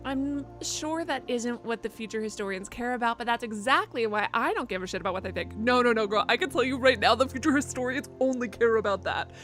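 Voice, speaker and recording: A woman's voice: a little high, expressive, a little fast, few pauses, fairly bright tone, soft background music. Chatty, joking woman game streamer. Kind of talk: casual let's play commentary.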